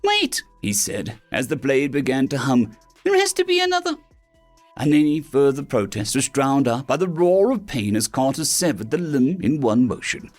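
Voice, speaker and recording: A man narrating science fiction stories as an audiobook reader, animated and putting on voices for the characters. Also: medium pitch, normal speed, few pauses, faint music behind. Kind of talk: scripted narration of sci-fi stories.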